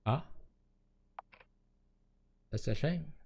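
A man's voice: on the high side, extremely slow, vocal fry, dark tone, slight background noise. A man with a Quebec French accent, streaming a horror game and reading its text aloud with musing asides. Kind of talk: live game commentary.

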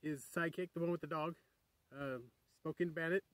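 Male vlogger, upbeat and digressive, slightly high voice, dry recording. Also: fairly quick, dry recording, rough recording. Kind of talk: rambling casual vlog. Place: outdoors near a crater with trains passing.

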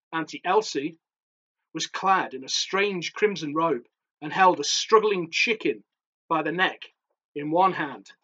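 Brief: male author narrating his horror story, breathy voice, lo-fi home recording. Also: a little high, pushed and bright. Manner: measured, darkly theatrical storytelling. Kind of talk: dramatic horror story reading.

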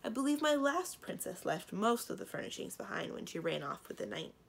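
A woman doing a calm, commanding dragon. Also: mid-range voice, brisk, creaky, husky, voice pushed up, heavily acted. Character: calm, commanding female dragon, dry humor.

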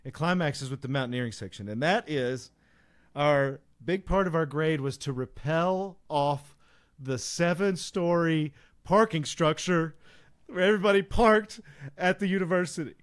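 A man co-hosting a podcast, telling a casual, animated story with laughs. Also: on the high side, normal speed. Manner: animated, laughing anecdote teller. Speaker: podcast co-host.

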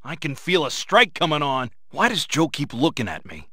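An actor voicing a brash dock worker in a video game, who grumbles in a rough working-class way. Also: male voice, a little high, huge pitch swings, normal speed, pushed and bright, no echo, studio quality, full character voice. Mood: grumbling. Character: brash male dock worker, would-be communist intellectual.

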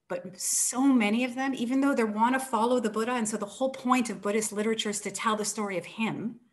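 An author, a woman, retelling an old tale with animated storytelling and acted-out quotes. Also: mid-range voice. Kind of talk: book talk, retelling a story.

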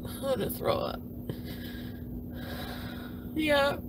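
A high, foul-mouthed jilted streamer rants, swinging between yelling and mumbling, as a woman puts her on for a puppet comedy. She sounds crude and self-pitying, with faint hiss under the voice. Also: extremely slow. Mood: furious. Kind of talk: comedic impression of a livestream rant.

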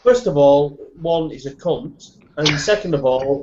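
A man's voice: fairly high pitch, measured pace, muffled recording, music in the background. A man chatting casually on a video call, blunt and crude, swearing freely.

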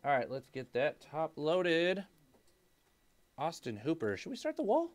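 A young man hosting a casual live-stream card break, hyping each card with loud call-outs of player names. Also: a little high, huge pitch swings, unhurried.

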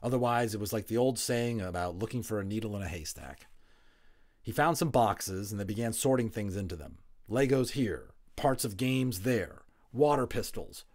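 Relaxed low-voiced man reading aloud. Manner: relaxed, chatty asides, small slips. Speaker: audiobook reader, voice actor. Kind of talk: reading a novel aloud with casual asides.

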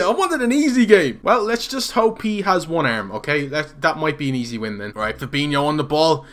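A young man giving excited, jokey commentary over his own football video game, swinging between shouts and mutters. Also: a little high, normal speed, few pauses. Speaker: gaming YouTuber.

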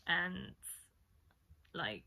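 A woman's voice: lowish voice, very animated, drawn-out words, vocal fry, bright, forceful tone. A young woman, casually telling a story-time vlog, chatty and rambling with lots of fillers. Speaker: vlogger.

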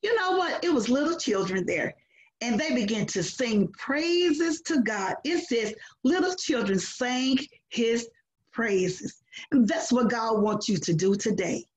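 High-voiced woman teaching Sunday school. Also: unhurried. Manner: animated, acts out lines with sudden loud bursts. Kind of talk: children's Bible lesson. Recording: roomy, dull lo-fi sound.

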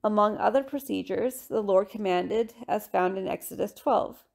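A woman giving a steady, measured scripted reading for a scripture study lesson. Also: mid-range voice, creaky.

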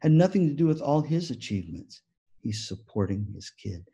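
Keynote speaker, man, mellow and a bit husky, animated storyteller. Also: mid-range voice, moderate pace. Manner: animated storytelling with acted-out quotes. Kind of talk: conference keynote talk.

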